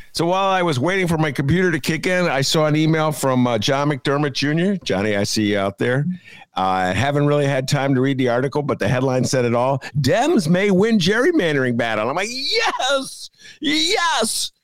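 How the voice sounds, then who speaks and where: A man's voice: a little high, lively intonation, a little fast, no room sound. A middle-aged man hosting a casual political talk show, jokey and rambling. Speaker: podcast host.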